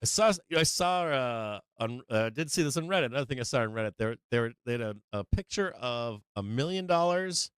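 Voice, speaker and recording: A man's voice: mid-range voice, lively intonation, a little fast, few pauses, fairly bright tone, clean tone, no echo, clean studio sound. A middle-aged man hosting a casual trading livestream, ranting with lots of swearing and laughing as he talks. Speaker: livestream stock trading host.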